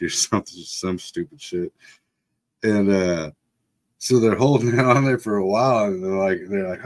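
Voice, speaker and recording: Middle-aged male host, slightly low voice, rambling casual storyteller. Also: moderate pace. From Texas. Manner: laid-back, rambling, laughs often, lots of fillers. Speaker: livestream host.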